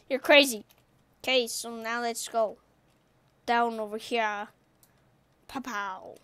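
A woman giving excited gaming commentary as a YouTuber, trash-talking playfully with loud outbursts. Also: high voice, no room sound.

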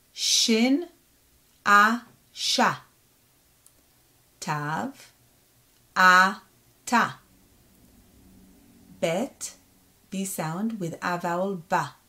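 A woman's voice: medium pitch, fairly bright tone. A woman teaching a reading lesson, patiently sounding out syllables and repeating each one. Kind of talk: slow step-by-step reading lesson.

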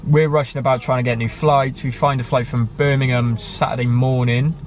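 A man's voice: medium pitch, level tone, brisk. A young man from the UK in a casual conversation about his life. He rambles, using many fillers and self-corrections. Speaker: guest sharing his story.

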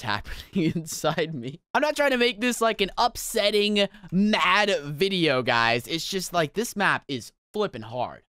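Young gaming host, exaggerated rage commentary, very lively delivery, smooth dry sound. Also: male voice, sits high, dry recording. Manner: exaggerated rage, yelps and shouts. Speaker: gaming YouTuber. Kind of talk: frustrated gameplay commentary.

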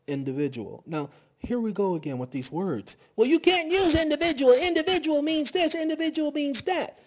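A man talking in a casual monologue into his phone, emphatic and repetitive, often asking rhetorical questions. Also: on the high side. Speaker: vlogger. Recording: dull lo-fi phone recording.

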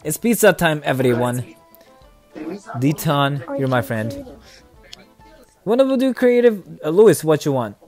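A young man streaming a video game, chatting casually and excitably, often laughing and mumbling then cheering loudly. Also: medium pitch, unhurried, faint music behind. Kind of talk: casual live gameplay commentary.

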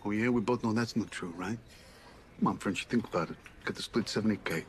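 An actor playing a pushy, theatrical debt collector who swaggers and swears, in film drama dialogue. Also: male voice, on the low side, fast talker, close to an everyday voice. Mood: persuasive.

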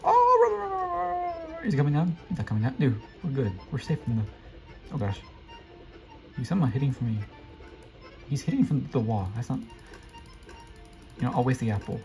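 A young man giving live, excitable commentary while playing a video game, often repeating quick exclamations. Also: medium pitch, faint music behind, low-quality recording. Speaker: gameplay streamer.

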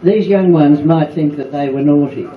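A woman's voice: low voice, moderate pace, a little hiss or hum. An older Australian woman telling wry stories about her acting days at a fan luncheon. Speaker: former cast member on a panel. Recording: echoey room, far-off mic, dull sound.

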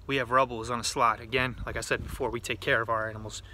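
A man playing a boastful male big-cat sanctuary owner in a loud showman manner, filmed on a phone at arm's length outdoors. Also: medium pitch, flat delivery, quick pace, a little hiss or hum. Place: outdoors on a home property. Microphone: phone held at arm's length.

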